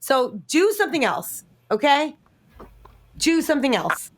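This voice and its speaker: A woman's voice: sits high, sing-song, a little slow. A woman, a guest on a casual panel podcast, ranting profanely with lots of fillers and restarts.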